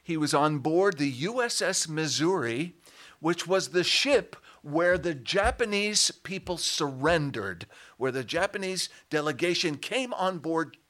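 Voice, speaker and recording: An older male pastor delivers a sermon in a slightly raised, bright and forceful voice. He talks with animation and swells into loud, emphatic cries on the words he stresses. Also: a little high.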